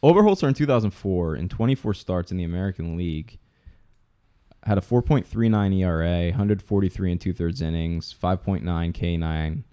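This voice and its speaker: A man's voice: low voice, normal speed, mellow, clear, resonant tone. A man from the Poconos co-hosting a casual sports talk show, rambling with many restarts and fillers. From Poconos, Pennsylvania. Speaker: podcast co-host.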